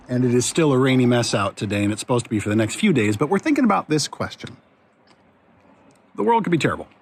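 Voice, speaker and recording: A man's voice: medium pitch, a little hiss or hum. A male pastor giving a casual devotional talk from home, speaking conversationally and putting questions to the viewer. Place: at home indoors.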